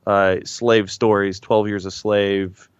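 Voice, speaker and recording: A man's voice: fairly low pitch, little pitch movement, slow, clear, resonant tone. Blunt rambling man, lo-fi sound. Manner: rambling, blunt, restarts often. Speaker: podcast co-host. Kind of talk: casual chat.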